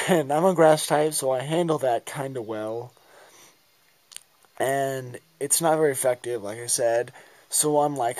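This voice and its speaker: A man's voice: mid-range voice, a little slow, darkish tone, no echo. A man casually narrating his turn-by-turn game battle in a goofy, rambling way, acting out his own reactions.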